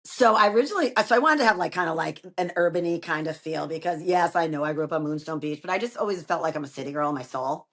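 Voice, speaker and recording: A woman with a low, deep speaking voice talks in a relaxed conversational way. She runs a yoga studio and tells her stories with animation, slipping into the voices of the people she quotes. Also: fast talker, few pauses. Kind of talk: casual conversation.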